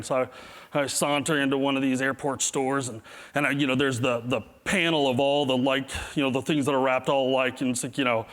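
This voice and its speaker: A man's voice: mid-range voice, a bit bright. A middle-aged man giving a humorous keynote talk, self-deprecating, acting out his own reactions as he tells stories. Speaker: motivational speaker. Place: large hall before an audience. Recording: long hall reverb.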